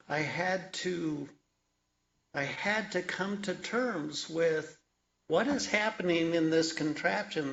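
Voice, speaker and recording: A man, an author and energy worker, telling his life story in a slow, reflective, wry way. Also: fairly high pitch, gravelly, a bit bright, lo-fi sound. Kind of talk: personal storytelling talk.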